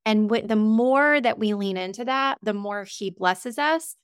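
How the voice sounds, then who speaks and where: A woman's voice: medium pitch, a little slow, smooth, dry recording, clean studio sound. A woman hosting a podcast interview, speaking in an encouraging, faith-centered way as she sets up her guest's story. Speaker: podcast host.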